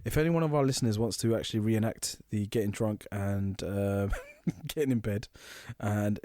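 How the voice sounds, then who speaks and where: A man co-hosting a podcast, telling animated stories and laughing often. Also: lowish voice, moderate pace, no room sound, studio quality. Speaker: podcast co-host. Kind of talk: casual chat.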